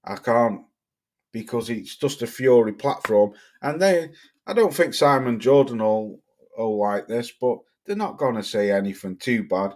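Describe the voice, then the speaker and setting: A man's voice: medium pitch, a little slow, a little mellow. Male livestream host from Cheshire, blunt, sweary ranting delivery. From Cheshire, England. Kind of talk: livestream rant reading chat comments.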